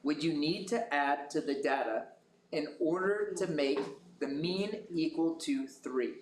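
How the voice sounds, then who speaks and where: Man, quiz moderator, measured reading, echoey room, faint background noise. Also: on the high side. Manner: slow, measured question reading. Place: school classroom.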